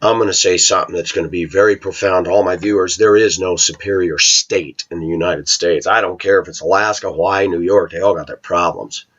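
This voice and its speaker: A man's voice: sits low, fairly even intonation, a little fast, few pauses, fairly bright tone, slightly rough. A middle-aged man talking to his viewers in a rambling, opinionated monologue. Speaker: vlogger. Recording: dull lo-fi recording.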